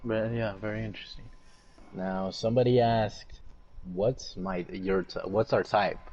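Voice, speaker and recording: A man's voice: on the low side, fairly even intonation, a little slow, highs cut off, a crowd in the background. A teenage boy hosting a casual podcast over a voice call, laid-back and hesitant with lots of ums. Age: teens. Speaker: podcast host.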